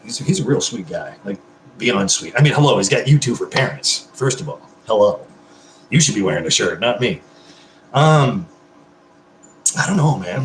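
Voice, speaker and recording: Profane, effusive man with a lively voice. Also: fairly high pitch, roomy sound, slight background noise, poor audio. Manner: effusive, rambling and heavily profane; drinking beer while talking. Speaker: live streamer answering viewer comments. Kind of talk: casual live-stream chat.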